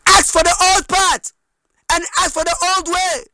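A man preaching a sermon, passionate, rising from plain speech into shouted and sing-song phrases. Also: extremely high pitch, fairly even intonation, normal speed, over music. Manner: impassioned, switching between shouting and sing-song cadence.

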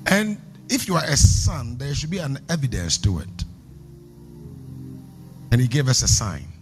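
A man's voice: medium pitch, huge pitch swings, a little slow, soft background music. A man preaching a sermon as a pastor, emphatic and calling for responses from the congregation.

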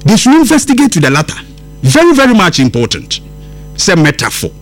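Impassioned Ghanaian radio host, high and lively. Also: male voice, brisk, soft background music. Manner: impassioned, switching between English and Twi. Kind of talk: radio commentary.

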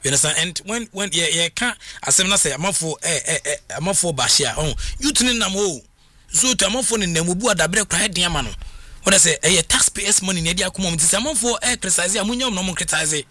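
A man with a Ghanaian accent hosts a radio sports news segment, chatting casually in a mix of Twi and English. His high-pitched voice is fast, bright, and forceful, with no room sound, and he speaks hesitantly with many fillers and restarts.

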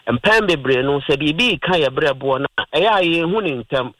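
A man with a Ghanaian accent talks through a health topic on a radio show, explaining step by step like a teacher. His voice sits a little higher than most men's. The sound is dry and close. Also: animated, fairly quick, a bit bright, dry recording, rough recording. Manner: explanatory, lecturing with everyday examples. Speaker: health expert guest on radio. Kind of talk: radio health talk, mixing Twi and English.

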